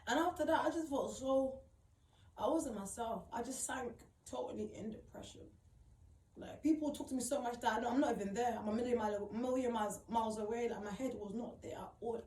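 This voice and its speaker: A woman's voice: on the high side, brisk, dark tone, slight background noise. A young woman telling her own painful story, tearful and upset, rambling and repeating herself with emphatic slang. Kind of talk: emotional personal testimony. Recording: roomy, mic at a distance.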